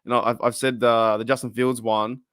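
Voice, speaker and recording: A man's voice: mid-range voice, level tone, brisk, fairly bright tone, clean tone, no room sound, studio quality. An Australian man hosting a casual livestream talk show, rambling with restarts and reading viewer comments aloud. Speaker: podcast host. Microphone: livestream microphone.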